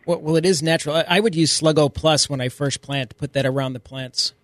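A man's voice: fairly high pitch, steady tone, quick pace, dry recording. A man co-hosting a radio gardening call-in show, explaining plants in plain, knowledgeable terms. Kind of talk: casual radio chat.

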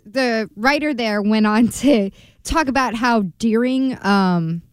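A woman co-hosting a comedy sports podcast, chatty and lively. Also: fairly high pitch, takes it slowly, clear, resonant tone, no room sound, clean studio sound. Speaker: co-host.

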